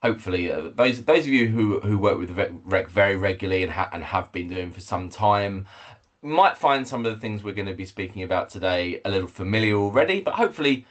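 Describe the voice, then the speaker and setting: A man leads an online webinar. He talks in a measured way, often restarting phrases with fillers. It sounds like a video call. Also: on the low side, animated. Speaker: head of communications. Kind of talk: webinar presentation.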